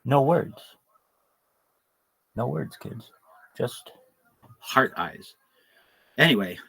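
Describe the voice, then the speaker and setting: A man's voice: mid-range voice, lively intonation, drawn-out words, gravelly, a bit bright, breathy edge. A man talking on a livestream in a rambling, joking, crude monologue full of asides.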